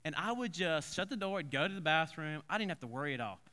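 Male pastor, slightly high and bright, clear voice; chatty storytelling sermon, long church reverb. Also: quick pace. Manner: animated, conversational, with many restarts and asides.

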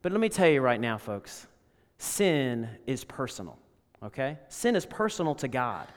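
A man pastor delivering an animated, emphatic sermon full of rhetorical questions. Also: medium pitch, normal speed, in a large hall.

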